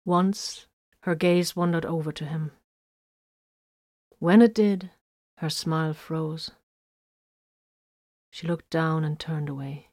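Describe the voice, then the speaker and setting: A woman's voice: sits low, fairly even intonation, slow pace, pauses often, no room sound. Dry-voiced woman audiobook narrator. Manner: dramatic swings between loud emphasis and hushed lines. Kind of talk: scripted narration of military science fiction.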